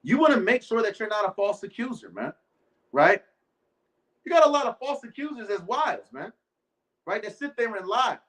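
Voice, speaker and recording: Male preacher, high voice, casual rhetorical sermon, reads verses slowly. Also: expressive, a bit bright, low-quality recording. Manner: loose, rhetorical, keeps asking "right?"; reads scripture slowly and deliberately. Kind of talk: informal sermon.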